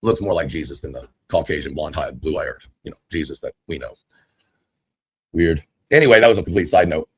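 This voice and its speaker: A man's voice: extremely low pitch, lively intonation, fairly quick, a bit bright, husky, no echo, dull audio. A man streaming online, chatting at length to his viewers in a rambling, casual way. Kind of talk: casual livestream monologue.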